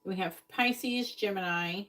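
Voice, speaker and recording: A woman's voice: mid-range voice, a bit bright, roomy sound. Woman psychic reading to live viewers. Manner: talks to viewers, repeats and spells out signs, letters and numbers slowly. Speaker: psychic reader on a live stream. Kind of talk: live-stream card reading. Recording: slightly distant mic with faint noise.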